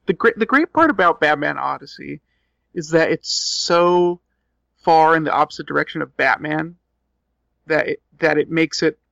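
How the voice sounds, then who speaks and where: Gravelly bright-voiced man chatting. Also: fairly high pitch, no room sound, dull audio. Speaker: podcast co-host. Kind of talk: casual chat.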